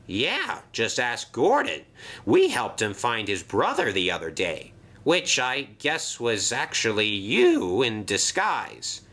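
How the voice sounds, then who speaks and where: A man voicing eager, silly twin engines in a very high, childish, squeaky voice. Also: huge pitch swings, takes it slowly, bright, forceful tone, full character voice.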